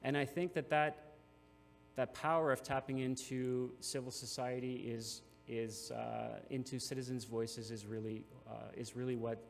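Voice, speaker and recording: A man's voice: mid-range voice, flat delivery, normal speed, gravelly, faint music behind. Earnest man speaking in a reverberant hall. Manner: earnest, emotional, many restarts. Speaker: nonprofit CEO speaker. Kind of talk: conference speech. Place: large hall. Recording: reverberant hall with faint hum.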